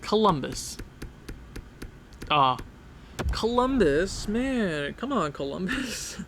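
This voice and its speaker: A man giving casual, excitable gameplay commentary, talking straight to the game as he plays. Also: high-pitched, takes it slowly, pauses often, a little hiss or hum. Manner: excitable, talks to the game and players. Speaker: gaming channel host.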